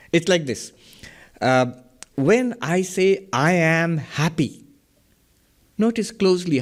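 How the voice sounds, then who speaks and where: A middle-aged man delivers a philosophy lecture on Vedanta. He speaks in a slightly higher register for a man and works through ideas with questions and examples, chuckling at his own jokes. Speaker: Vedanta teacher.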